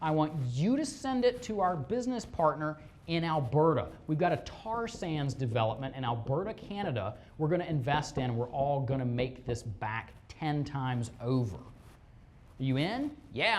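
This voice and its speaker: A police fraud detective giving a lively classroom presentation, firing rhetorical questions at the audience and acting out scammers' lines in quick put-on voices. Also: medium pitch. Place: presentation room with a live audience.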